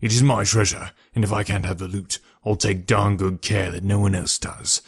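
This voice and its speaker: A bitter, defiant middle-aged ex-convict, read by a man. He speaks with raw passion in a low, steady voice, as in a storybook reading. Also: moderate pace, creaky, husky.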